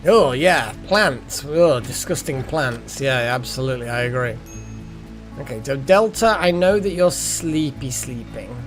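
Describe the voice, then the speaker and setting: A man's voice: medium pitch, expressive, unhurried, soft background music. A man streaming a colony-building game live, thinking aloud with muttered asides and wry jokes. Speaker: gaming streamer. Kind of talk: live gameplay commentary.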